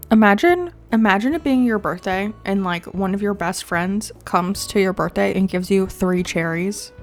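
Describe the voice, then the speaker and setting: A young woman giving casual commentary while playing a video game, excitable and quick to gasp and laugh. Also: medium pitch, faint music behind. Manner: excitable, gasps and laughs often. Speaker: gaming video creator.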